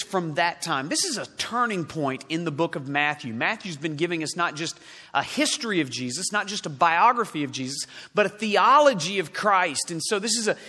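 A man preaching a sermon as pastor, emphatic, slowing down hard on key words. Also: high voice, pushed and bright. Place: church sanctuary. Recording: long hall reverb.

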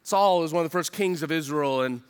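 A man preaching a sermon as pastor, earnest and urgent, asking the listeners questions and acting out what they might say, dropping low and quiet for emphasis. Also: brisk, smooth. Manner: earnest preaching with rhetorical questions and quoted voices.

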